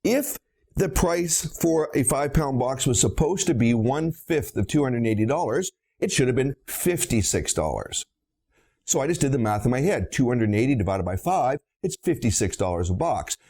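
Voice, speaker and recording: A man's voice: medium pitch, sing-song, normal speed, vocal fry, darkish tone. A middle-aged man, a dentist, lecturing bluntly on practice finances with emphatic storytelling and rhetorical questions.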